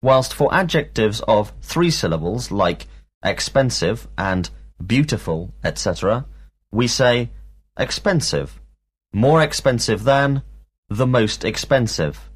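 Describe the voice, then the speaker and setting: A man teaching a scripted drill lesson, speaking slowly and pronouncing each word with care. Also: mid-range voice, lively intonation, husky. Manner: slow, deliberate, enunciating each word. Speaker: language teacher.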